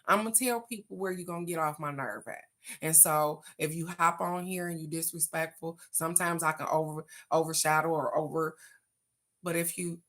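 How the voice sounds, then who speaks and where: Her voice is on the low side, bright and forceful. As a livestream host doing a relaxed oracle card reading, she addresses viewers straight on with an uplifting, motivational push.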